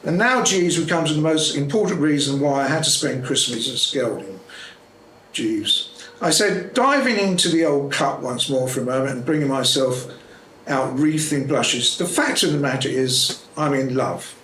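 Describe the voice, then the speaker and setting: A man reading a comic short story aloud at a club meeting, in a brisk, playful manner. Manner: brisk, playful reading with lively jumps in pitch between characters. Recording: echoey room with faint background noise.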